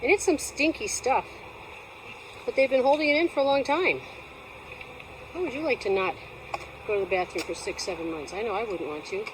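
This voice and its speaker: A woman beekeeper chats on camera at her bee yard, her voice sitting a little high. She teases herself as she explains her work. Outdoor noise and passing vehicles are clearly heard behind her. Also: a little fast, long pauses. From Alaska. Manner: chatty, playful and self-teasing. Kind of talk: casual outdoor how-to vlog.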